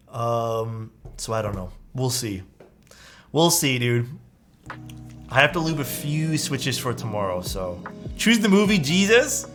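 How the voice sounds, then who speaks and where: A young man talks casually to his live-stream viewers, swearing freely and calling everyone dude. His voice sits a bit high and swings widely up and down as he grumbles and laughs. Soft music plays faintly underneath.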